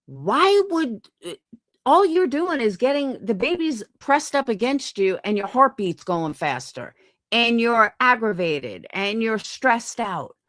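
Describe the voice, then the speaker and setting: Angry ranting woman streamer, lively pitch. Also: unhurried, no echo, clean studio sound. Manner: angry, profane, rhetorical questions. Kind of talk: ranting live-stream commentary.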